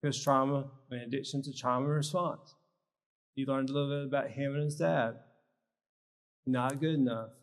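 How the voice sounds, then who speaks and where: A man's voice: mid-range voice, fairly even intonation, moderate pace, pauses often. A man giving a live workshop talk at a health symposium, teaching with short, emphatic phrases. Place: large church hall. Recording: long reverb of a large hall.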